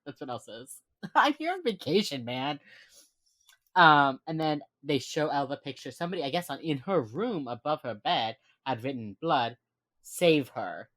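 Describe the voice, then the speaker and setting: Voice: medium pitch, moderate pace, no room sound, clean studio sound. A podcast co-host in casual chat, retelling a TV episode scene by scene and acting out the characters' lines. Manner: animated storyteller who acts out the characters' lines.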